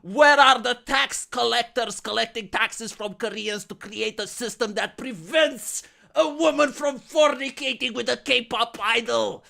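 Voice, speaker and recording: A man's voice: extremely high pitch, measured pace, gravelly, hardly any pauses, sharp tone, pitched above the performer's own voice, exaggerated voice. A man playing an overblown gossip commentator who rants with mock indignation. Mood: indignant. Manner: indignant ranting questions. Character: fake-outraged male gossip commentator.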